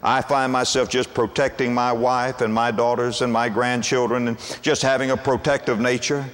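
A man's voice: medium pitch, little pitch movement, moderate pace, a bit bright. An older man preaching a sermon in a folksy way, acting out what husbands and wives say to each other. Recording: long hall reverb.

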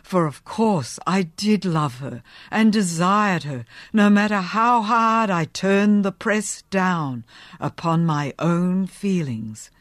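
A zealous middle-aged preacher, stern and fervent, voiced by a woman reading a novel aloud. The delivery is slow and measured, with pitch rising and falling in sermon-like waves. It sounds close and dry, with no room around it. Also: lively intonation, dry recording. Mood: despairing.

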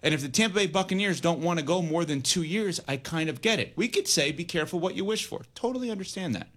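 Emphatic higher-voiced man hosting sports radio. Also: animated, fast, fairly bright tone. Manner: emphatic, argues both sides.

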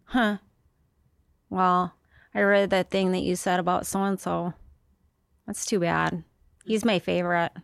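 A woman voicing a flat-affect, passive-aggressive local who scolds with a blank face. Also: lowish voice, measured pace, gravelly, long pauses, clean tone, no echo, clean studio sound. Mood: deadpan scolding.

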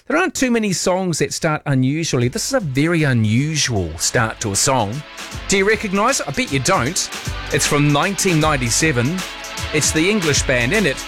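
A man's voice: on the high side, sing-song, brisk, music in the background. Playful New Zealand radio host, man. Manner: playful, chatty, jokey asides. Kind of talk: casual talkback chat. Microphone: studio microphone.

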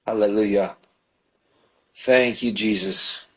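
A man, a pastor hosting a call-in radio ministry, praying fervently over callers and slowing into soft prayer. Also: on the low side, steady tone, breathy edge, poor audio. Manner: fervent, slows down and softens into prayer.

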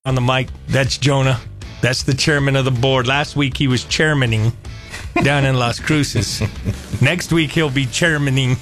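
A man hosting a sports radio show, joking and bantering with his co-hosts in a lively way. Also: mid-range voice, a little slow, faint music behind.

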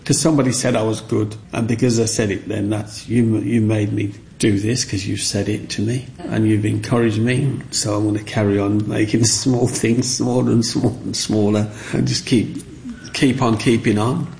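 A man's voice: on the low side, fairly even intonation, normal speed, vocal fry, darkish tone, a little hiss or hum. A man, telling stories from his childhood in an interview and acting out other children's voices when he quotes them. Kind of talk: reminiscing storytelling.

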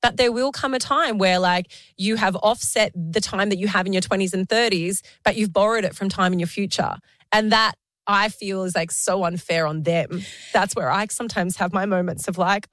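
A woman's voice: mid-range voice, moderate pace, no room sound. A woman of forty talking in heartfelt casual chat, emotional and close to tears. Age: 40s. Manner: warmly emotional, tearful, self-deprecating laughs. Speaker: podcast co-host.

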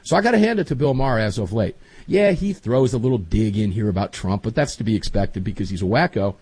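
A man's voice: fairly low pitch, animated, fast talker, a little mellow, slightly rough, dry recording. A middle-aged man hosting a podcast, chatting casually and rambling with emphatic asides. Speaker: podcast host. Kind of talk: casual chat.

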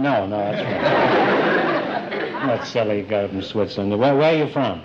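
A man hosting a quiz show, teasing his contestants with puns and quick asides. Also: fairly low pitch, a loud crowd. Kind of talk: wisecracking quiz show banter. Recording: muffled old broadcast with loud hiss. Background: studio audience laughter.

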